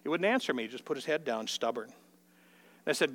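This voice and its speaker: A man's voice: animated, fast, a bit bright. An older man telling a folksy personal story in a sermon, acting out the dialogue in a raised voice. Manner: folksy, acts out the dialogue with rising pitch.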